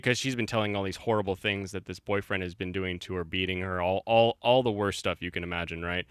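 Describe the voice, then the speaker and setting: A man's voice: fairly low pitch, fairly even intonation, brisk, bright, forceful tone, smooth, no echo, studio quality. A man hosting a casual stream, chatting and telling a rambling story with many fillers and restarts. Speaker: stream host. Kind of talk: casual chat.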